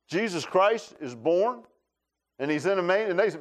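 Preaching man swinging quiet to loud. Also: moderate pace. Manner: animated preaching, swinging from low asides to high shouts; folksy, talks straight to the congregation. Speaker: pastor. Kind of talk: sermon. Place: church.

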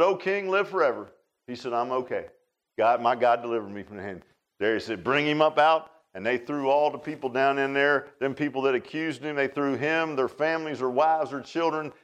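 A man preaches in a folksy, storytelling way. His voice sits a little high for a man, and he jumps between loud exclaims and quiet asides. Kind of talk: sermon.

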